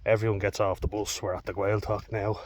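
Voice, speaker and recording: A man's voice: on the low side, little pitch movement, fairly quick. A young Irish man telling a personal story in a vlog, heated, candid and full of swearing. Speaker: vlogger.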